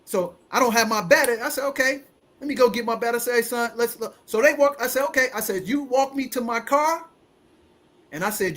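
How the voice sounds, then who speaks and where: Host, male, 40s: lively, chatty storyteller who voices the people in his tales. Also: extremely high pitch, moderate pace. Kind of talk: casual storytelling.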